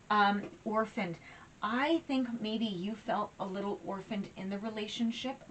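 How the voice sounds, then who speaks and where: A woman's voice: mid-range voice, slight background noise, low-quality recording. A woman giving a casual, chatty tarot reading, emotional and a little teary, with lots of fillers and restarts. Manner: chatty and warm-hearted, many fillers and restarts. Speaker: tarot reader.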